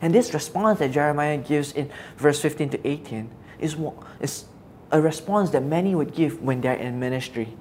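Brief: an earnest preacher at mid pitch, reflective, with a faint hum behind the voice. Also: animated, moderate pace, darkish tone. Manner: earnest, reflective, asks rhetorical questions. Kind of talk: Bible teaching.

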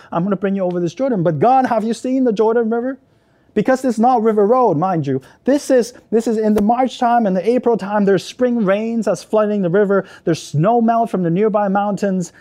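A man preaching a sermon, animated and earnest, acting out the people's worried questions to God. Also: high-pitched. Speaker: pastor.

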